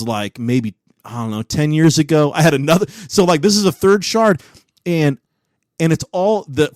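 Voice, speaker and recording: A man in his forties, co-hosting a podcast, telling stories in a profane, animated way and laughing often. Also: fairly high pitch, dry recording, studio quality. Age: 40s. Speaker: podcast co-host. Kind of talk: casual chat.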